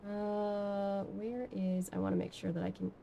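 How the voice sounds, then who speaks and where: A woman's voice: medium pitch, flat delivery, measured pace, gravelly, lo-fi sound, a little hiss or hum. A woman streaming from home, chatting casually and rambling with many fillers while she answers her chat. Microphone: webcam setup.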